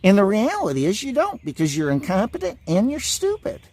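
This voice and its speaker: Guy ranting mad at his audience, swearing a lot, pitch jumping all over. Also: wildly swooping pitch, brisk, a little mellow, husky. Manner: profane, insulting, repetitive. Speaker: vlogger. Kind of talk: angry ranting monologue.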